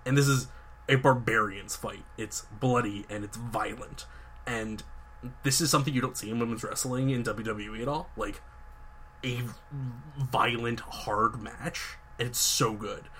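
A young man hosting a podcast, telling a long story with excitement, lots of fillers and restarts. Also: medium pitch, a little slow, slight background noise. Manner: enthusiastic, rambling storytelling with many fillers and restarts. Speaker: podcast host. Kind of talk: casual chat.

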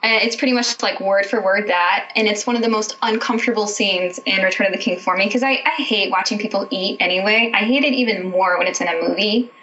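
A woman's voice: medium pitch, fast talker, hardly any pauses, bright, forceful tone. A young woman chatting casually, careful and hedging as she corrects herself. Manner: hedging, thoughtful, self-correcting. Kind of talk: casual chat. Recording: dull lo-fi sound with faint noise.

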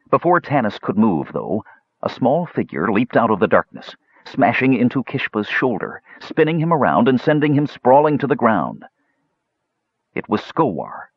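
Lively low-voiced male audiobook narrator. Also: slightly rough, no echo, dull audio. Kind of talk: scripted fantasy narration.

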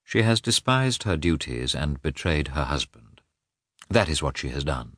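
A man's voice: very deep voice, big pitch swings, moderate pace, fairly bright tone, no echo, clean studio sound, exaggerated voice. A man reading a cold, formal, wounded middle-aged husband who talks in a clipped way, for an audiobook. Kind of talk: audiobook character voice.

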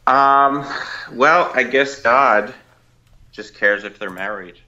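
A man's voice: mid-range voice, slow pace, bright, forceful tone. A man co-hosting a podcast in casual chat, hesitant and playful, often asking questions. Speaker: podcast co-host. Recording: dull, muffled sound.

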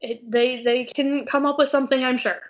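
A woman's voice: high-pitched, steady tone, moderate pace. A young woman co-hosting a casual chat, chatty and opinionated. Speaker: podcast co-host. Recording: dull lo-fi recording.

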